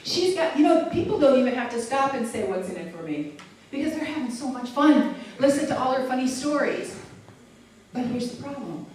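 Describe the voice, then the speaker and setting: A woman's voice: high-pitched, a little fast, slight background noise. A woman giving a live keynote speech to an audience, playful and chatty, often asking the room questions. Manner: animated, playful, chats with the audience. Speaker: keynote speaker. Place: large hall with an audience. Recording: echoey hall, mic far off.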